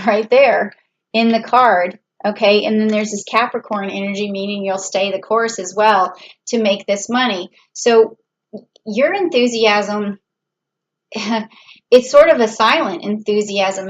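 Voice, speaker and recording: Chatty woman reading tarot cards. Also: medium pitch. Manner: chatty, rambling, many fillers and restarts. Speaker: tarot reader. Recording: dull lo-fi audio.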